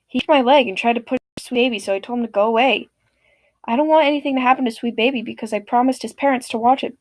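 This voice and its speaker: A woman narrating an online story in a lively, expressive, slightly sarcastic way. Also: on the high side, fast, no room sound.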